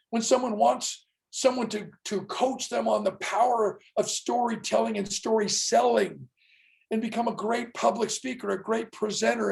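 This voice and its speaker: Gravelly older man giving a motivational keynote. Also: sits high, a little mellow, low-quality recording. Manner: dramatic storytelling with punchy, emphatic lines. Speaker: professional keynote speaker. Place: event stage.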